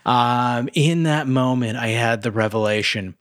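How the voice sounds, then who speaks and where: A man co-hosting a podcast, talking loosely and rambling, often circling back with fillers and restarts. His voice sits at an ordinary middle pitch. The recording is dry and close, with no room sound. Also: measured pace, dry recording. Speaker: podcast co-host. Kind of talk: casual chat.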